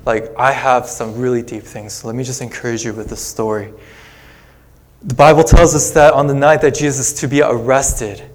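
Male pastor with a middle-pitched voice, telling a story in a relaxed, chatty sermon. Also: moderate pace. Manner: conversational storytelling with casual asides.

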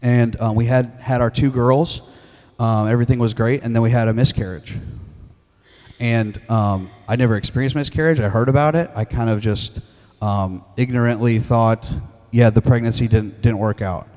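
A man in his thirties preaching a sermon as a pastor, candid and halting, with frequent restarts and fillers. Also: mid-range voice, darkish tone. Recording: long hall reverb.

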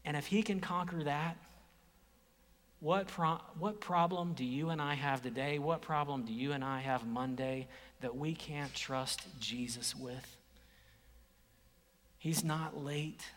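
A man preaching a sermon as a pastor, dropping to hushed whispers and rising to loud emphatic exclamations, acting out quoted speech. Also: fairly high pitch, slow, long pauses, long reverb tail. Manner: acts out quoted speech in lively voices.

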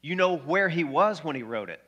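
Bright-voiced pastor preaching with energy. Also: male voice, on the high side, moderate pace, dull audio. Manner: energetic, conversational preaching with questions to the congregation. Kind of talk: sermon.

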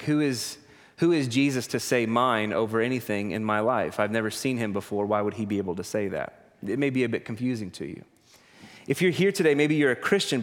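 A man with a middling pitch, praying and then preaching as a pastor. He speaks earnestly and grows higher and more forceful as he presses his points. His voice rings with the long reverb of a church hall. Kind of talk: prayer and sermon.

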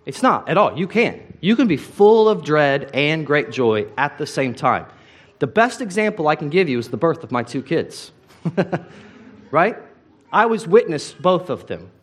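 A man, a pastor, preaching a sermon in a conversational way, often turning to ask his congregation questions. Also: fairly high pitch.

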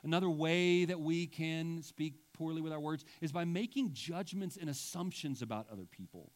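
A man's voice: fairly high pitch, normal speed. A male pastor preaching a sermon with emphatic delivery and wry asides.

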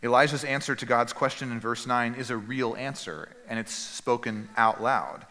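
A man preaching a sermon as pastor, earnest and emphatic, with dramatic pauses and quiet drops. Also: mid-range voice, in a large hall.

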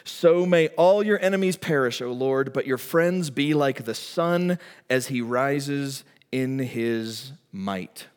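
A middle-aged man preaching a sermon as pastor, telling stories in an animated, emphatic way. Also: medium pitch, slow pace, clean tone, big-room sound.

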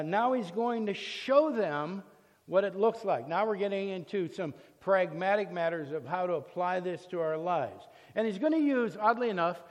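In a relaxed storytelling style, a fairly high-voiced man teaches from the Bible, frequently stopping on filler words and beginning his sentences again. His voice echoes with long reverb, suggesting a large hall.

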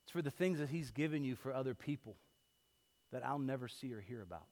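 A man preaching a sermon as pastor, telling everyday stories in a lively way that swings from loud to hushed. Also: medium pitch, fast talker. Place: church sanctuary. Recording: long hall reverb.

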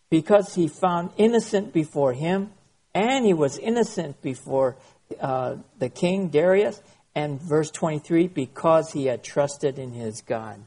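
A man who is a pastor, preaching a sermon and reading scripture aloud slowly and expressively. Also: a little high, darkish tone, husky.

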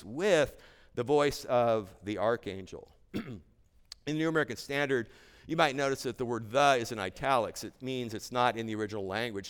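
Emphatic preacher in a reverberant hall. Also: male voice, medium pitch, smooth. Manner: emphatic, repetitive preaching cadence. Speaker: pastor. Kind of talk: sermon.

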